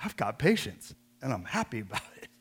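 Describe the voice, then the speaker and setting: A middle-aged man preaching a sermon in church, swinging between joking folksy asides and loud, emphatic scripture reading. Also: fairly low pitch, huge pitch swings, brisk, slightly rough. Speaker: pastor.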